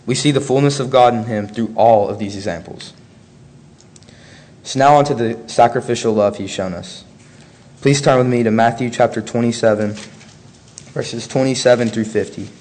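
A man preaching a sermon, reading scripture aloud in a measured, earnest way between his own remarks. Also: medium pitch, a little mellow.

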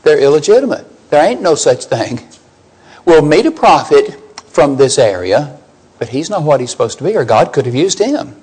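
A man's voice: a little high, very animated, normal speed, a little mellow, breathy edge, low-quality recording. A man preaching a sermon, emphatic, putting questions to his listeners and rising on key scripture lines.

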